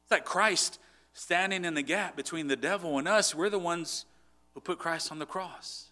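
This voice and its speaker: Bright-voiced, earnest male preacher. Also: a little high, normal speed. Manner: earnest, conversational, frequent restarts. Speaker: pastor. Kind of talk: sermon.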